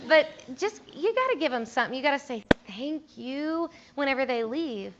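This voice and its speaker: A young woman music teacher talks casually to a room of fellow teachers. Her voice sits a little high, and she chats along, laughing often and slipping into voices for the people she quotes. The recording is dull and lo-fi. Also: expressive, moderate pace, hardly any pauses, noisy background. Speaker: music teacher speaking at a conference session. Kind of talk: casual conference talk with anecdotes.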